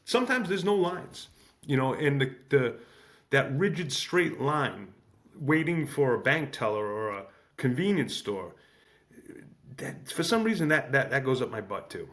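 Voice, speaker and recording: A man from the United States chatting on a podcast in an animated, self-deprecating way, with many halting restarts. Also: medium pitch. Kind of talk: casual podcast conversation.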